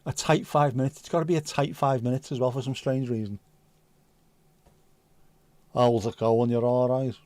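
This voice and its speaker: A man's voice: medium pitch, fairly even intonation, normal speed, pauses often, a little mellow, no room sound. Man, 50s, livestream host, chatty storyteller, swears freely, dry close sound. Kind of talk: casual chat reading viewer comments.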